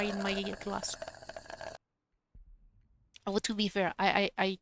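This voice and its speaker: Woman, young adult, mid pitch, chatty, excitable, live game commentary. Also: measured pace, pauses often, slight background noise. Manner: chatty, excitable, talks to herself while playing. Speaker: streamer.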